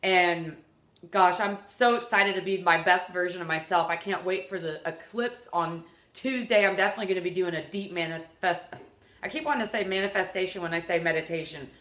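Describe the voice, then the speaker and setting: A woman's voice: fairly low pitch, fairly quick, a bit bright. A woman in her thirties talking casually to her vlog audience, rambling, upbeat and earnest. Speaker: vlogger. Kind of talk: unedited casual vlog talk. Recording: echoey room.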